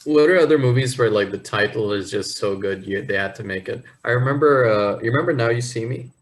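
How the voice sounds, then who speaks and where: A man co-hosting a podcast, telling rambling stories in a casual, animated way. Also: mid-range voice, brisk, rough recording. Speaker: podcast co-host. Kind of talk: casual chat.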